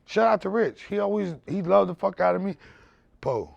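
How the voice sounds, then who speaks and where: A man speaking as a podcast guest, telling his story in loud, animated, candid conversation and swearing freely. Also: high-pitched, normal speed, creaky, no echo, muffled recording.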